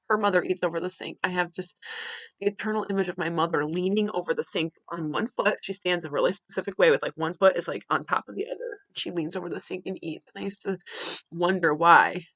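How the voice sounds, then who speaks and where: A woman hosting a podcast, telling a personal story in a candid, conversational way with halting restarts. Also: fairly low pitch, a bit bright, no room sound. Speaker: podcast host.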